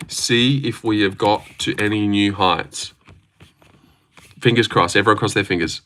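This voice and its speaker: Young man, Australian accent, low-pitched, laid-back, jokey, casual stream chat. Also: normal speed, bright, forceful tone. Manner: laid-back, jokey, answers chat questions with mumbled asides.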